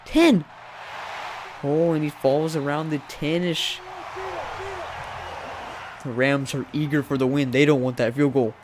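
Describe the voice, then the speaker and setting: Excitable young man calling a video game. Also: a little slow, pauses often, background noise. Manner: excitable, voice jumps high when surprised; chatty, talks to the teams on screen. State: voice cracking. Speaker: gaming commentator. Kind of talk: play-by-play game commentary.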